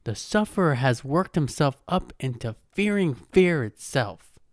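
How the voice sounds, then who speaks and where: Foul-mouthed podcast guy cracking jokes, voice bouncing all over, unhurried. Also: a little high, big pitch swings, dry recording, studio quality. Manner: mocking and profane, laughs at his own jokes. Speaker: podcast host. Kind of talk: casual comedic monologue. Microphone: podcast microphone.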